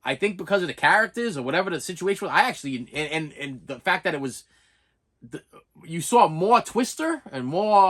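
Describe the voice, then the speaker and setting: A man's voice: high voice, lively intonation, moderate pace, long pauses, fairly bright tone. A man in his forties telling a self-mocking story in a casual vlog, stammering and often saying "listen". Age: 40s. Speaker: vlogger.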